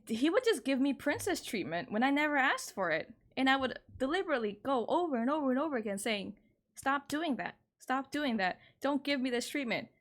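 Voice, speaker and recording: Candid woman streamer telling a story. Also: high-pitched. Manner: exasperated, candid, swears casually, voice jumps up when indignant. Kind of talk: casual storytime chat. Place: home, with her cat.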